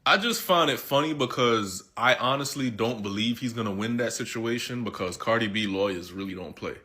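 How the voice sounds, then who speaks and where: A man's voice: medium pitch, brisk, bright, forceful tone. Amused, incredulous man commenting. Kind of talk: casual commentary video.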